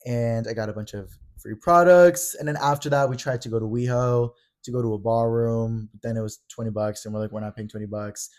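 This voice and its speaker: A young man co-hosting a podcast, talking quickly in casual chat with lots of fillers and playful mock drama. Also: medium pitch, steady tone, darkish tone. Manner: fast, chatty, filler-heavy, mock-dramatic. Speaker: podcast co-host. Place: Los Angeles.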